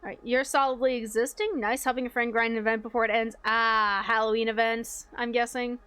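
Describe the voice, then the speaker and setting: A young woman streamer chatting casually with her viewers, rambling, swearing freely and filling pauses with likes and ums. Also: on the high side, level tone, fairly bright tone, clean tone. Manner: rambling, swears casually, frequent fillers and laughs.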